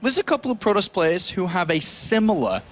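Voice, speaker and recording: English guy casting a strategy game match, slightly high voice, upbeat and jokey, talks in quick bursts. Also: big pitch swings, a little hiss or hum. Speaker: esports commentator. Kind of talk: play-by-play game commentary.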